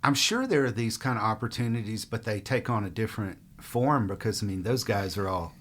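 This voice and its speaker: A middle-aged man from Mississippi, telling stories in a rambling, relaxed way as a musician guest in an interview. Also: lowish voice, brisk, a little hiss or hum. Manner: relaxed, rambling, frequent fillers. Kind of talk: casual interview storytelling.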